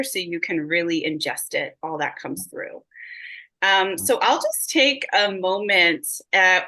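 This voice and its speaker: A woman's voice: mid-range voice, bright, forceful tone, poor audio. A woman working as a psychic medium in a reading session, bubbly and gushing, full of filler words.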